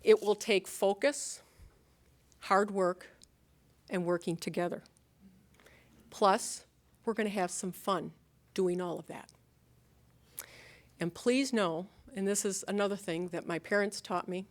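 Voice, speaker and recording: A woman's voice: mid-range voice, steady tone, slow, pauses often, some chatter behind. A middle-aged woman with an Upper Midwest American accent, giving a college president's convocation address in an earnest, rallying way, using rhetorical questions and light humor. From Upper Midwest of the United States.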